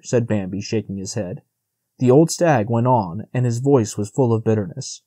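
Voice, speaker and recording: A man reading a storybook audiobook in a calm, measured narration. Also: on the low side, no echo, studio quality. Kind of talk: scripted narration.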